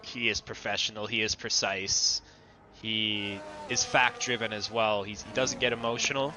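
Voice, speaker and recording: A man giving co-commentary on an online racing qualifying session, talking through lines and lap times in a steady, analytical way. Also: fairly low pitch, moderate pace, noisy background.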